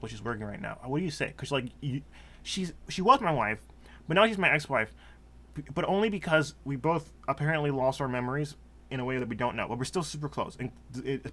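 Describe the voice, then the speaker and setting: Lively, bright-voiced man commenting on gameplay. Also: on the high side. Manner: rambling, jokey, quick to laugh. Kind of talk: let's play commentary.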